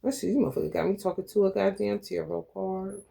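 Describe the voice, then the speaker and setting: A woman gives a loose, off-the-cuff tarot reading in a gravelly voice with plenty of vocal fry, sitting at a mid pitch. She is blunt and profane, calls her viewers y'all and honey, and breaks into laughter as she rambles through stories. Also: fairly even intonation, fast talker, warm tone. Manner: laughs often while telling stories. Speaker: tarot reader. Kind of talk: casual spoken tarot reading.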